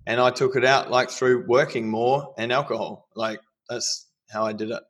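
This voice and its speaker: A man's voice: mid-range voice, fairly even intonation, moderate pace, a bit bright. A man talking candidly in a casual conversation, telling personal stories. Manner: candid, storytelling with acted quotes.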